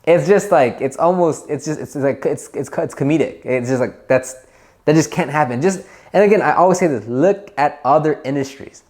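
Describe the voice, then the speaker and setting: A man hosting a detailing business channel, giving casual advice straight to camera in an animated, emphatic way, repeating himself and using many fillers. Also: on the high side, moderate pace.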